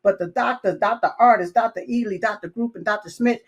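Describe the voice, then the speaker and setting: A woman hosting a live talk show, energetic and repetitive, full of "yes, yes" and "you all.". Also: mid-range voice, a little fast, slightly rough, lo-fi sound. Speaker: show host. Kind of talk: live talk show opening and sponsor reads.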